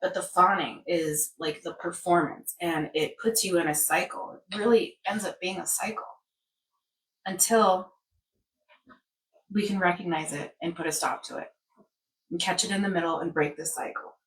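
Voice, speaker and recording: A woman's voice: lowish voice, moderate pace, a bit bright, distant mic. Rambling woman in an echoey room. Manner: rambling, acts out scenarios in quoted voices. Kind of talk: casual wellness chat.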